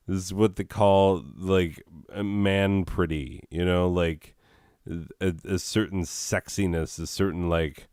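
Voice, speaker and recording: A man's voice: low voice, fairly even intonation, unhurried, a little mellow, clear, resonant tone, dry recording, studio quality. A man hosting a comedy video, reading absurd entries and riffing on them with sarcastic, rambling asides.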